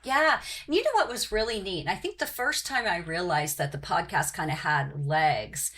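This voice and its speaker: A woman's voice: on the low side, expressive, normal speed, bright, forceful tone. Chatty, rambling woman podcast host. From Oklahoma. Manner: chatty and rambling, full of "um" and "you know". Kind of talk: casual chat.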